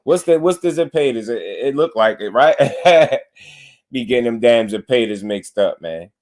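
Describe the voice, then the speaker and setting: A man's voice: mid-range voice, moderate pace. Hyped-up man hosting a livestream. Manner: animated, hypes the chat, slangy. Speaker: boxing livestream host. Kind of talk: casual livestream chat.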